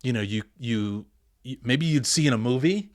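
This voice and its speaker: An earnest man, a pastor and veteran, speaks as a podcast guest. His middle-pitched voice leans hard into key words as he tells a hard story. The sound is dry and close. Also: lively intonation, moderate pace, no room sound. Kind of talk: candid podcast interview.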